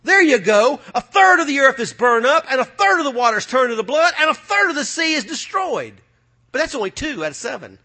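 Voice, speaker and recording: A man preaching a sermon, swinging from loud, fiery passages to low, muttered asides. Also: very animated, fairly quick.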